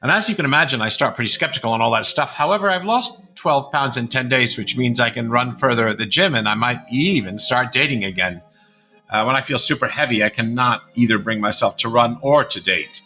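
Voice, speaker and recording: A man's voice: medium pitch, brisk, bright, forceful tone, faint music behind. A man in his fifties hosting a podcast, chatting casually and rambling through a closing monologue. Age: 50s. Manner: chatty, rambling, shifts between accents. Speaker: podcast host.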